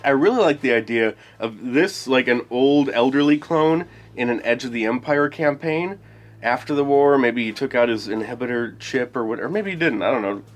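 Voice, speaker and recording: Rambling man explaining game rules. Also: medium pitch. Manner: rambling, thinks aloud, enthusiastic. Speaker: tabletop RPG guide host.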